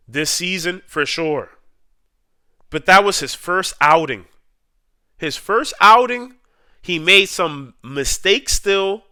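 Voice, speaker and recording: Slow, heated sports fan man ranting. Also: on the high side, bright, forceful tone, clear, resonant tone, no room sound, clean studio sound. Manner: heated, repetitive, drawn-out emphasis. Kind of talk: emotional fan rant.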